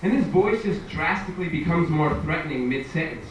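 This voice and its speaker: A man's voice: on the high side, animated, a little fast. A young man doing a stand-up comedy set, talking conversationally and acting out the people in his stories. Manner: conversational, acts out quoted voices. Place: live comedy venue. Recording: echoey room from far off with noise.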